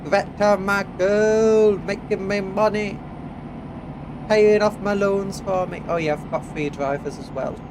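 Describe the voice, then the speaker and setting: A high, light-voiced man with an English accent talks casually through a gameplay stream, a little sniffly from hay fever. He chats to his viewers and hums bits of tune between remarks. The rumble of truck engines from the game sits clearly behind him. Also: steady tone, a little slow. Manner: chatty, reads chat aloud, hums little tunes while driving.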